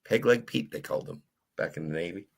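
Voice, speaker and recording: A man's voice: low voice, quick pace, gravelly. A man in casual, joking chat with friends, riffing on silly bits. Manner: jokey, puts on silly accents.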